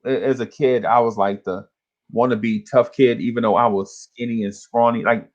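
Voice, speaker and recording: A man, co-hosting a podcast and telling an animated story in casual chat. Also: medium pitch, moderate pace, lo-fi sound. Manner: animated storyteller, acts out voices, laughs along. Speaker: podcast co-host.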